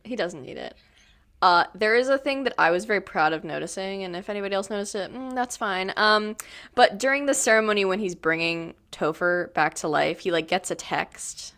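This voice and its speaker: A woman co-hosting a casual podcast, sharing details she noticed with wry, deadpan asides. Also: medium pitch, a little fast. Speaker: podcast co-host. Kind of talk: casual chat.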